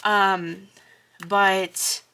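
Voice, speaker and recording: A woman's voice: mid-range voice, level tone, extremely slow, bright, forceful tone, slight background noise. Chatty young American woman vlogger. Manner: chatty and digressive, upbeat. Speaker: budgeting vlogger. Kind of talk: casual chat showing purchases.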